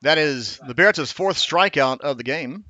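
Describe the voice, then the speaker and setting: A man calling baseball play by play in a steady, measured way, now and then correcting himself. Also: fairly high pitch, dull audio. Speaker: play-by-play announcer.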